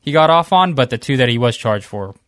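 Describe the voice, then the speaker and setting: A man's voice: mid-range voice, expressive, fairly quick, no echo, studio quality. Matter-of-fact man on a podcast. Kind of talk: casual chat.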